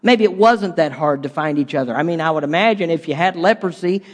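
Male pastor, high voice, chatty sermon with asides, long hall echo. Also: fairly quick. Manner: conversational preaching with repeated rhetorical questions and stumbles.

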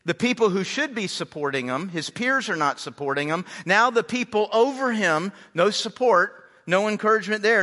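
A pastor preaching with a high, bright, forceful voice that rings out through a church hall's long reverb. He leans hard on his points and slows down to stress them, often stumbling and repeating words as he goes. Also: animated. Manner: frequent word repeats and restarts. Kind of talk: sermon. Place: church sanctuary.

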